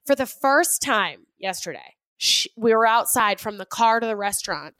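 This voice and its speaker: A woman co-hosting a casual podcast, her voice sitting high and swooping all over as she tells stories. She laughs often and acts out little voices. The sound is dry and close, with no room around it. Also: expressive, normal speed, fairly bright tone, no echo. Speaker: podcast co-host. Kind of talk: casual chat.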